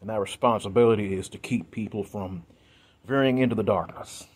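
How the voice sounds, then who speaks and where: A man's voice: fairly low pitch, brisk. A man speaking to his viewers in an earnest, emphatic monologue, repeating himself and sounding emotional. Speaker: video creator.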